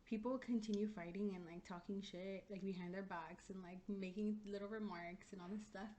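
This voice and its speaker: A woman's voice: medium pitch, steady tone, moderate pace, mellow, a little hiss or hum. A young adult woman co-hosting a podcast, chatting casually and telling stories with lots of "like" and the odd swear word. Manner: chatty storytelling, heavy use of "like", swearing. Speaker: podcast co-host. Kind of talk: casual chat.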